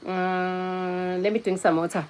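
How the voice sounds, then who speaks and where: A woman's voice: on the low side, little pitch movement, a little slow, darkish tone, a little hiss or hum. A young woman hosting a casual livestream on her phone, chatting bluntly with viewers and scolding people in the comments. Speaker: livestream host. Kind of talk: casual live-stream chat with viewers.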